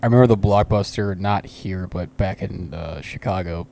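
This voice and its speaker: A man's voice: low voice, moderate pace, vocal fry. A man co-hosting a casual podcast, with a laid-back, easygoing way of talking. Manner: laid-back, drifts quieter when reminiscing. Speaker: podcast co-host. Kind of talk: casual chat. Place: cigar shop.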